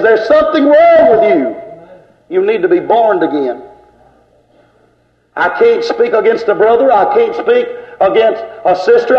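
An older man preaching an emphatic, scolding sermon in a church. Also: very high voice. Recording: echoey lo-fi church tape.

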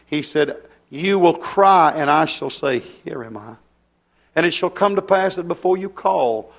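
A man preaching a fiery revival sermon. He acts out dialogue in his sermon and drops to a hush at times. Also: high-pitched.

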